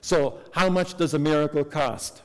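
A man's voice: on the high side, moderate pace, pitched above the performer's own voice, natural voice. A preacher voicing an earnest little girl who pleads for her sick brother. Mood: pleading. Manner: pleading, insistent. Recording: long hall reverb.

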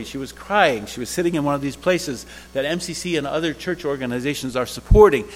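A man giving a storytelling talk, recounting conversations he had. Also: fairly high pitch. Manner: retells conversations in dialogue. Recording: long reverb of a large hall.

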